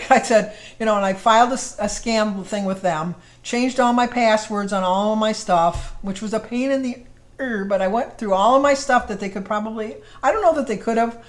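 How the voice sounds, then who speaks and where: An older woman vlogger telling a rambling, exasperated story in a casual chat to camera. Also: medium pitch. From United States. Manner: chatty, exasperated, rambling with restarts.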